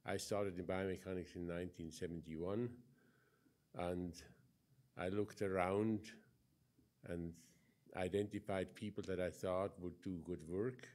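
A Swiss man in his seventies with a Swiss accent, sharing memories at a memorial in a slow, measured way. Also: sits low, fairly even intonation, a little mellow. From Switzerland. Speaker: memorial speaker. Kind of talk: anecdotal memorial talk.

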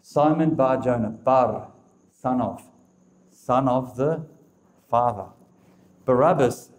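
A man preaches to a live audience. He repeats his points with emphasis and speaks straight to his listeners. His voice is warm and mellow, and his pitch sits in a typical middle range. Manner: emphatic, repetitive, addresses the audience directly. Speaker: speaker of a religious talk.

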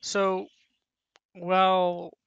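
A commentator who rambles playfully and haltingly through a casual talk while drawing, on a dull, dry lo-fi mic. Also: medium pitch, monotone, fairly bright tone, smooth, no echo.

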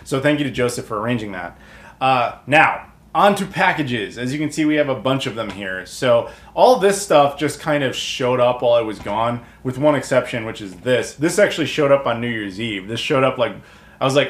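American male host, mid-pitched, talkative collector unboxing on camera, roomy sound. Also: expressive, brisk, fairly bright tone. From United States. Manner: chatty and rambling, with many fillers. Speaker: video game collector YouTuber. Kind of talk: casual unboxing talk to camera.

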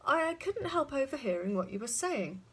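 A woman's voice: high voice, sing-song, normal speed, a bit bright, voice pushed up. A woman voicing a kind, polite male hedgehog neighbour in a children's storybook reading. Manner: polite, friendly.

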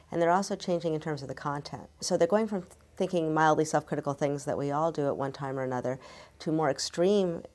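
Woman psychologist, deep voice, calm measured explanation. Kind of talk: explanatory narration.

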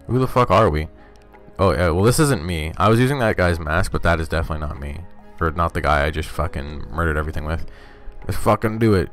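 A deep-voiced man narrates his own video game playthrough in a loose, casual way. He swears constantly and drops wry, offhand remarks between moves, and faint music plays behind him. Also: fast talker, fairly bright tone. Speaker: game streamer. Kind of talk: casual let's-play commentary.

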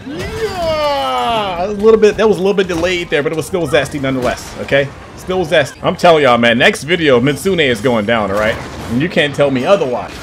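Excitable gamer man, animated voice. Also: a little high, fast talker. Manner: excitable, swearing, laughing often. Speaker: gaming YouTuber. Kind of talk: live gameplay commentary. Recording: faint game music behind.

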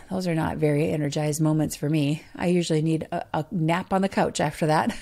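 A woman's voice: on the low side, warm tone. A woman hosting a podcast, giving a motivational monologue with emphatic rhetorical questions to the listener. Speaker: podcast host.

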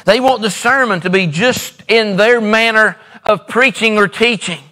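A middle-aged pastor delivers a sermon, hammering his points home through repetition and homespun stories. His voice sits high for a man and rings bright and forceful. He is preaching from a church sanctuary. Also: moderate pace, big-room sound. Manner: emphatic repetition, folksy storytelling.

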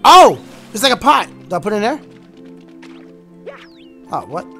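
A man giving excitable let's play commentary on a video game, chatty and prone to shouting when thrilled. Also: high voice, normal speed. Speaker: gaming YouTuber. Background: faint game music.

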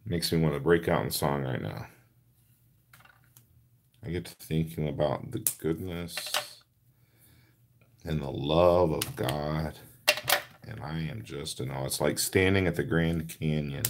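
A man's voice: very deep voice, unhurried, long pauses, background noise. A man hosting a card-making livestream, chatting casually while he works and answering viewer comments by name. He is earnest and gushing, and he talks through each step as he does it. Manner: talks through his hands-on steps.

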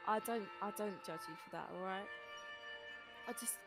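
A woman's voice: mid-range voice, normal speed, loud music behind the voice. A woman doing in-character game roleplay, talking hesitantly with frequent stammers and a teasing edge. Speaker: roleplay partner.

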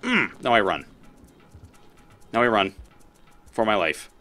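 A man's voice: fairly low pitch, very animated, takes it slowly, pushed and bright, faint music behind. A man giving casual gameplay commentary as a let's play host; he swears often and talks back at the creatures on screen.

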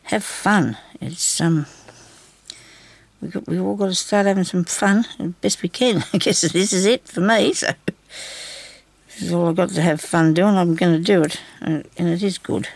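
A woman's voice: fairly low pitch, normal speed, creaky, dry recording. A woman hosting a craft tutorial, chatting casually and reassuringly while she beads and talks to herself as she works. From Australia.

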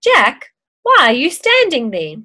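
A woman voicing a calm, teasing young schoolgirl. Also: high voice, a little slow, voice pushed up, full character voice.

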